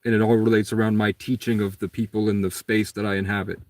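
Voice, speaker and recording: A man's voice: lowish voice, little pitch movement, fast, no echo. A man telling a long personal story in a casual, rambling monologue. He acts out the other people's lines in a raised voice.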